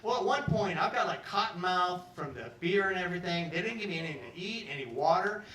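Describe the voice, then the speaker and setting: A man's voice: sits high, lively intonation, fast, bright, forceful tone, slight background noise. A man telling a stand-up story in a pub, acting out other people's lines in put-on voices. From New York. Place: pub stage with live audience. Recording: echoey room from far off.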